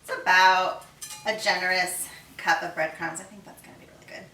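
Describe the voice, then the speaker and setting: A woman's voice: lowish voice, steady tone, a little fast, sharp tone, slight background noise. A middle-aged woman chef hosting a casual cooking video in her home kitchen, chatting and talking herself through each step as she works. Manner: chatty, talks to herself while working. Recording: echoey kitchen from far off, clattering dishes. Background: clinking cutlery, pots and pans.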